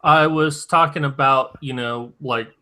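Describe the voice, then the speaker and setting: A man co-hosting a casual commentary chat, making steady, argumentative points. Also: medium pitch, a little slow. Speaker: co-host.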